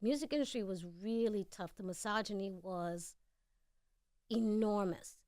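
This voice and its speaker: A woman's voice: mid-range voice, a little slow, darkish tone, dry recording, studio quality. Frank woman storyteller with an accent. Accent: noticeable accent. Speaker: guest actress. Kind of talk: casual interview chat.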